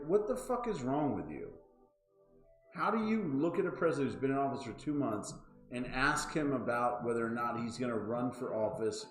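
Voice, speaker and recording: A man's voice: medium pitch, reverberant, poor audio. A man in his thirties hosting a casual chat show, ranting with lots of swearing and exasperation. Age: 30s. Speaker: podcast host.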